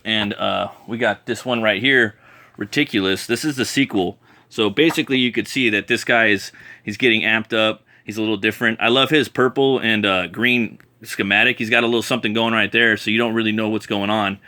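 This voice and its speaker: Bright-voiced rambling comic reviewer man. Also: fairly low pitch, fairly even intonation, fairly quick. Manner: rambling, many fillers and restarts, enthusiastic. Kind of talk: casual review vlog.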